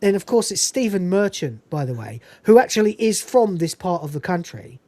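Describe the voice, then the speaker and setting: A very animated woman with a lowish, dark voice talks at normal speed as she reviews a film on her podcast. The chat is casual and enthusiastic, full of swearing and frequent laughter, with no echo.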